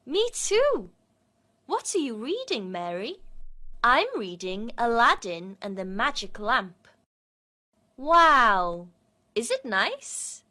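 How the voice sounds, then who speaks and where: A woman's voice: on the high side, very animated, takes it slowly, pauses often, pushed and bright, heavily acted. A woman voicing a cheerful young schoolgirl in a lesson dialogue, asking eager questions. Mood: friendly.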